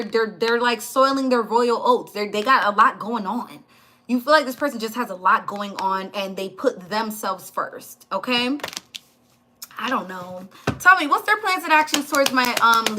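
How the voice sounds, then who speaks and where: Bright, chatty woman reading tarot. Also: a little high, slight background noise. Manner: blunt, chatty, swears and laughs often. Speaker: tarot reader. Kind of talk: casual tarot reading to camera.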